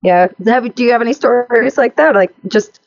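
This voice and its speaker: A woman's voice: on the high side, normal speed, creaky, dry recording, lo-fi sound. A woman co-hosting a casual chat show, telling road stories with lots of laughter. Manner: lively storyteller, laughs often. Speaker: podcast co-host.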